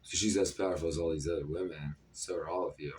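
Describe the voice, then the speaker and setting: A man's voice: sits low, steady tone, fast, a little mellow, slight background noise. A man in his thirties talking in a disjointed, jumpy stream with many fillers, in a rambling monologue to camera. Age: 30s. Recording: voice a bit far from the mic.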